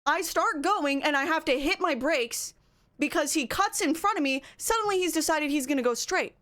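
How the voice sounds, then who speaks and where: A woman streamer chatting casually with her live viewers, telling a story in an animated way and climbing higher as she gets worked up. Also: normal speed.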